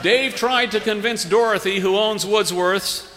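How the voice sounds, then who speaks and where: A man's voice: sits high, a little slow, very noisy. A man telling a humorous story on stage with wry, playful emphasis. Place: theatre stage with live audience. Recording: long hall reverb, live stage.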